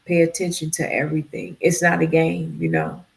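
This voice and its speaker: A woman's voice: deep voice, lively intonation, brisk, gravelly. A woman being interviewed as a PR company head, talking casually in a rambling, self-deprecating way and laughing often. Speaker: guest, PR firm CEO.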